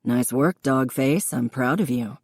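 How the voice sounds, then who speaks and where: A woman's voice: very deep voice, a little slow, slightly rough, dry recording, studio quality, heavily acted. Woman voicing a patient young man teaching cooking. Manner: patient, encouraging, gently instructive.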